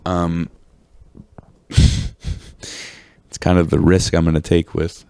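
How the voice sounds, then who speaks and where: A man in loose, excitable podcast chat who swears freely. His voice sits very low with a gravelly fry. It is recorded close and dry. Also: slow pace, no echo. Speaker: podcast co-host. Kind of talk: casual chat.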